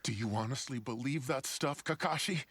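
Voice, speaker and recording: A man's voice: mid-range voice, moderate pace, a bit bright, breathy edge, dry recording. A defiant hot-headed boy ninja. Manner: earnest, defiant and impassioned. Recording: anime dub audio with a music score.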